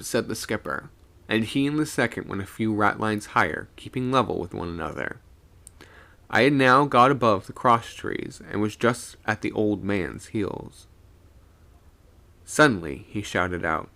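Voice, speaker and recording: A man reads a spooky sea tale aloud on a live stream, rising and falling through the sentences. His voice sits low but has a bright, forward edge, and he sometimes trips on a word and corrects himself. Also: measured pace, gravelly. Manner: animated reading with occasional stumbles and self-corrections. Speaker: streamer reading a ghost story. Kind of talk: live horror story reading.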